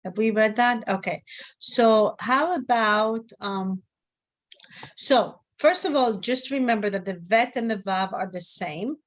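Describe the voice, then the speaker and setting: A woman's voice: on the high side, a little slow. Patient woman teaching a class online, checking on her students. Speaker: Hebrew teacher.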